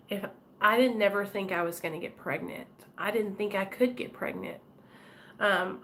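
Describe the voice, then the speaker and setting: A woman's voice: fairly low pitch, a bit bright, slight background noise. A woman chatting candidly with her live-stream viewers, talking straight to commenters by name. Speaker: vlogger talking to live chat. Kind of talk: casual live-stream chat.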